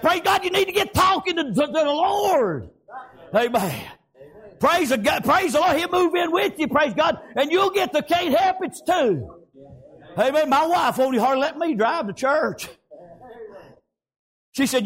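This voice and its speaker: An older pastor, preaching loudly and punctuating his sermon with frequent amens. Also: extremely high pitch, sing-song, unhurried, long pauses.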